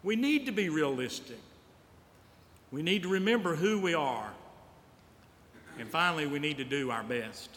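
Male pastor, storytelling sermon, a little high-voiced, in a church hall with long reverb. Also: expressive, moderate pace, pauses often, a bit bright, slight background noise. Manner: storytelling preacher, repeats lines for emphasis. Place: church sanctuary.

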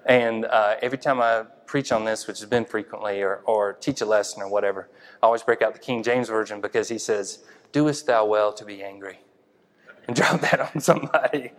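A man's voice: fairly low pitch, a little fast, fairly bright tone. A man preaching an informal sermon in a conversational way, thinking aloud with many fillers and restarts. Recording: long hall reverb.

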